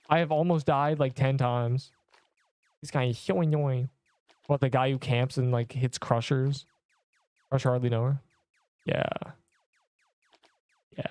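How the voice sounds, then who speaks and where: A man's voice: mid-range voice, moderate pace, pauses often, a little mellow, smooth, dry recording. A young man streaming a video game, chatting casually and rambling to his viewers. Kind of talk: casual live-stream commentary.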